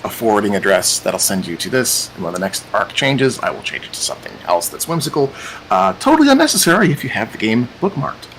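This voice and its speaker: A man's voice: medium pitch, very animated, quick pace, a bit bright, a little hiss or hum, rough recording. Chatty man hosting a tabletop game. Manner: chatty, meandering, repeats "cool". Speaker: game master.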